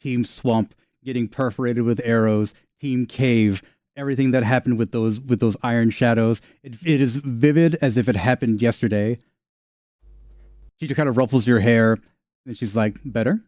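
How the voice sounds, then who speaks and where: A man's voice: mid-range voice, fairly even intonation, moderate pace, a little mellow, dry recording, clean studio sound. A man narrating as game master in a playful, laughing way.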